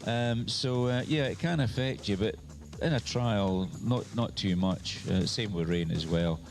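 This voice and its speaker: A man co-hosting a live radio show, chatting calmly and explaining things. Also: lowish voice, a little slow, gravelly. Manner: relaxed, knowledgeable, explains calmly. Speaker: radio co-host. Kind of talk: casual live radio chat.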